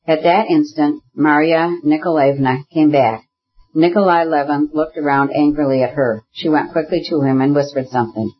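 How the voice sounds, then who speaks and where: A narrator reading a classic novel aloud in a steady, measured way. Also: medium pitch, lo-fi sound. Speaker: audiobook narrator.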